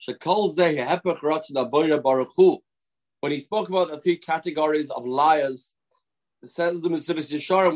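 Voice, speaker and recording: A man's voice: a little high, rough recording. Earnest man giving a Torah lesson. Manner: earnest, stretches words for emphasis. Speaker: Torah lecturer.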